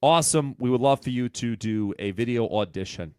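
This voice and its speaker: A comedian with a New England accent telling a profane, self-mocking story on a podcast. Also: male voice, medium pitch, brisk, a little mellow, clean tone, no echo, studio quality. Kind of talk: casual storytelling chat.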